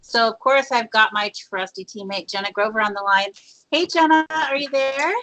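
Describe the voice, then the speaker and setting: A woman's voice: on the high side, normal speed, bright, forceful tone, poor audio. A woman with an Upper Midwest accent hosting a casual radio talk show, chatty and upbeat, with plenty of filler words. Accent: Upper Midwest American. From Fargo, North Dakota area.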